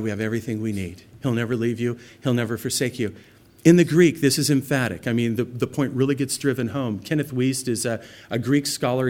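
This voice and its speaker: A man preaching a sermon in a mid-pitched voice. He reads scripture with rising force and falls to a hushed, earnest tone for personal appeals. His talk is conversational between the swells. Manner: expressive preaching, rising loud on scripture, dropping soft for intimate points. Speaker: pastor.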